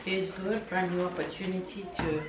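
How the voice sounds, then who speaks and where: Background noise and room echo surround this casual home vlog, where a mother with a fairly low voice tells stories at a moderate pace. She laughs a lot and keeps her storytelling playful and animated.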